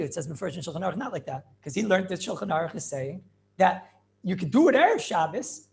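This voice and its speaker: Animated rabbi, high gravelly voice. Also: male voice, quick pace. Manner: animated questioning, answers his own questions, repeats phrases. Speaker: rabbi teaching a class. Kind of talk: Talmudic class lecture with back-and-forth questions.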